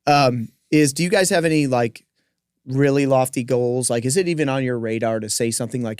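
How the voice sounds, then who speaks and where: A man who hosts a podcast and coaches gymnastics, telling a personal story in a lively way with joking asides. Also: mid-range voice, fairly quick, smooth, no room sound, clean studio sound. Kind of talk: casual interview storytelling.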